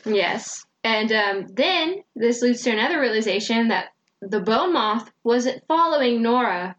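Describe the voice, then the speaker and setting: A woman's voice: a little high, unhurried, poor audio. A young woman co-hosting a book podcast, retelling the story in casual chat and acting out the characters' lines. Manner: animated storytelling with acted quotes and laughter.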